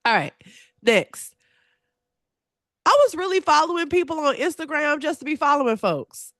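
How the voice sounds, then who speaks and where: A woman hosting a solo podcast in a casual, chatty way, talking straight to her listeners with lively, expressive swings in her voice. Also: normal speed, no room sound, clean studio sound. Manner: animated and expressive, with big pitch swings; chatty and confiding, addresses listeners directly. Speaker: podcast host.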